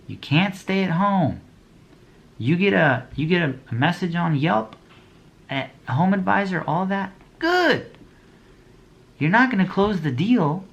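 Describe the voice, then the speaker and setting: A man's voice: fairly high pitch, fairly bright tone. Blunt, preachy young man with street slang. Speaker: motivational speaker. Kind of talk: motivational talk to business owners.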